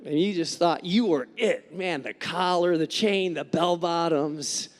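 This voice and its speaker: A man preaching a sermon as a pastor, telling stories in an animated way and acting out the voices of people in them. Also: high voice, a little slow, long reverb tail. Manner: animated storytelling with acted-out quotes. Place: church sanctuary.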